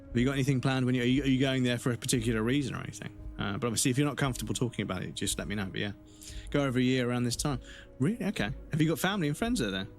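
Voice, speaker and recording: A man's voice: medium pitch, rapid-fire, soft background music. A man chatting casually as a streamer, rambling and swearing freely. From England. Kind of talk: casual chat with viewers.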